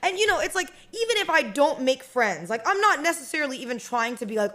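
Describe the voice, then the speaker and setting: A woman's voice: high-pitched, sing-song, fast talker, sharp tone. A woman streamer in casual chat, rambling and chatty with lots of fillers and restarts.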